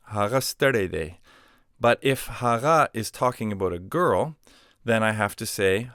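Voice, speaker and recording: Lower-voiced man teaching grammar. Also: fairly bright tone, clean tone, dry recording, clean studio sound. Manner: patient, repeats example phrases slowly. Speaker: language teacher. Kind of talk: grammar lesson.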